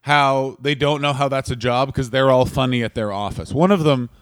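A Canadian man, a stand-up comedian co-hosting a casual comedy podcast, talking fast and profanely. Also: mid-range voice. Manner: fast, profane, riffing into silly voices.

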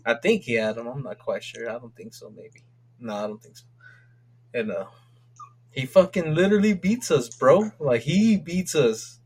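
A man co-hosting a casual sports podcast, rambling and swearing excitably as he rants about his team's games. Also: medium pitch, moderate pace, slightly rough. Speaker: podcast co-host.

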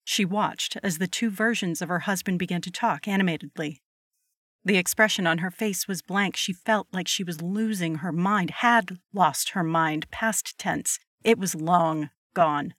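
A woman's voice: lowish voice, a little slow, a bit bright, dry recording. Woman narrating a horror story.

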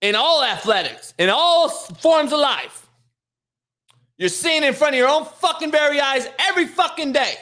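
A man hosting a daily rant show, yelling and swearing without letup. His voice sits very high for a man and comes out tense and forceful, with a sharp edge on every line. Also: expressive, moderate pace. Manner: angry, yelling, heavy swearing. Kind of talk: profane sports rant.

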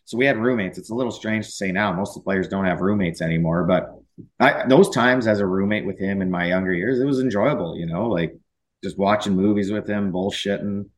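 Lowish-voiced man telling rambling stories. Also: fairly quick. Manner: rambling storyteller with frequent restarts. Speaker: podcast guest, former pro hockey player. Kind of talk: casual chat.

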